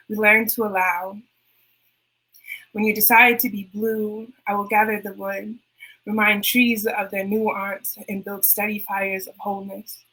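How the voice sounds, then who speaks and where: A woman performing her spoken word poems at an online open mic over a video call, reciting softly and deliberately. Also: mid-range voice, slightly rough, rough recording. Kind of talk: spoken word poetry reading.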